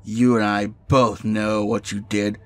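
A man voicing a cruel, condescending male captor who taunts slowly over faint music. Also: lowish voice, little pitch movement. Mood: taunting. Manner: slow, drawn-out taunting.

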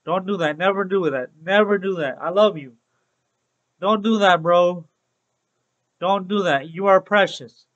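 Bright, high-voiced young man streaming. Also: measured pace, pauses often, highs cut off. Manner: chatty and upbeat, repeats phrases, calls viewers bro. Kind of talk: casual Let's Play commentary to live chat.

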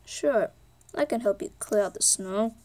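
Lady doing a chill old race car guy, slow and steady, no fuss. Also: mid-range voice, natural voice. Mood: calm. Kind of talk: toy car play-acting.

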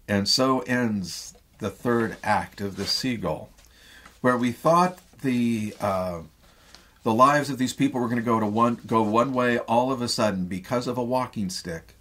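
A male theatre professor with a Midwestern American accent, giving a lecture that retells a play as a story and pausing often on fillers. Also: fairly low pitch. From Midwestern United States. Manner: animated storyteller with frequent fillers.

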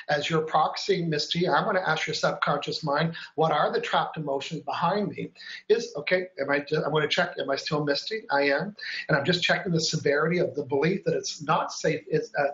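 A man's voice: fairly high pitch, fairly bright tone, roomy sound, highs cut off. A man hosting a live stream, chatty and upbeat, explaining each step and counting aloud as he demonstrates. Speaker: host.

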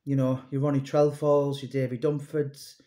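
A man's voice: mid-range voice, level tone, moderate pace, warm tone. A man in his thirties, an author and publisher, rambling conversationally about his books with many fillers and restarts. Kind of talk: casual monologue to camera.

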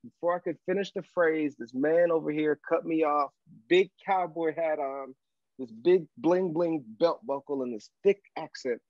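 A man telling a story as a podcast guest, animated, with a preacher's cadence. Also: on the high side, normal speed, dry recording, dull audio. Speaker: guest speaker. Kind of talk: storytelling interview chat.

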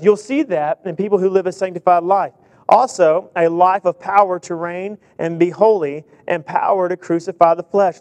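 A man's voice: high-pitched, darkish tone, no echo. A man preaching a sermon. He reads scripture aloud, jokes, and keeps asking the congregation questions. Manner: humorous, asks the congregation many questions.

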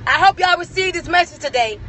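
An emphatic woman preaches in a car, hammering the same lines over and over. Her voice sits very high and sounds bright and forceful. Faint car and street noise hangs behind her. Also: animated, a little fast. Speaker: vlogger. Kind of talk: motivational rant in a car.

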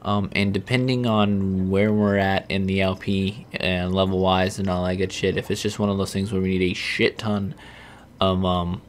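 A man's voice: low voice, little pitch movement, moderate pace, slight background noise. Foul-mouthed man grumbling through a game. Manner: profane, self-deprecating, easily exasperated. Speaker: Let's Play host. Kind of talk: casual gameplay commentary.

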